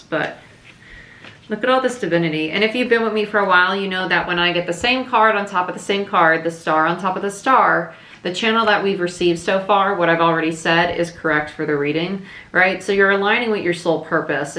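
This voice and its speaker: A woman giving a casual, chatty tarot reading to camera, thinking aloud with fillers, a little hoarse. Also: on the low side, a bit bright, roomy sound. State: slightly losing her voice. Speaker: tarot reader.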